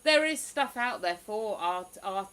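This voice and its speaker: A woman's voice: medium pitch, expressive, measured pace, fairly bright tone, rough recording. A woman hosting a livestream, chatting casually and reading out viewer comments with frequent exclamations. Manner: chatty, exclamatory, lots of "ooh". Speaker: livestream host.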